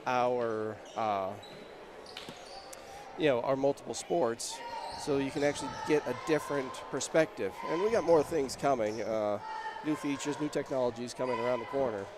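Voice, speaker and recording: A man calling a local high school basketball game play-by-play, chatty and getting louder on big plays. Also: normal speed, background noise. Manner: chatty, rises in pitch and volume on big plays. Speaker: play-by-play announcer. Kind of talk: play-by-play commentary.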